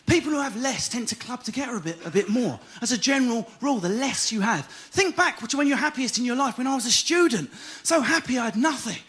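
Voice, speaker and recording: A man with an Essex accent doing a fast, animated stand-up comedy set on stage, often bursting into shouts. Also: very high voice. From Essex, England. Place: comedy stage before an audience.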